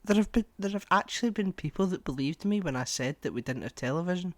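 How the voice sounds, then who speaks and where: A young man from Scotland with a Scottish accent, co-hosting a podcast in casual chat, deadpan and wry, swearing freely. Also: high-pitched, fast talker, no echo. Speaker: podcast co-host.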